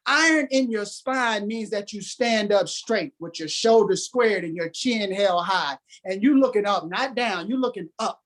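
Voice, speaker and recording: A man's voice: high voice, unhurried, few pauses, fairly bright tone. A man who is a guest on a podcast, giving a motivational talk with emphatic, preacher-like delivery and repeated phrases.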